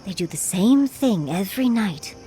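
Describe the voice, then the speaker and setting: A woman's voice: mid-range voice, expressive, normal speed, mellow, soft background music, close to an everyday voice. A woman voicing a teasing furred companion. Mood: wistful. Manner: teasing, calls the listener darling and dear. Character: furred female adventurer companion, wry and teasing. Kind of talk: video game character dialogue.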